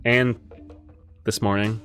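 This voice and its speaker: A man's voice: fairly low pitch, level tone, slow pace, a bit bright, faint music behind. A man voicing a moody, dour young woman swordsmith-mage in a tabletop game, speaking in a dry, unimpressed way. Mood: casual.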